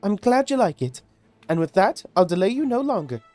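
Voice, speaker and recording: A man voicing a chirpy little female seamstress in a game role-play, pitching his voice far up. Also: sing-song, fairly quick, darkish tone, faint music behind. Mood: cheerful. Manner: bubbly, proud.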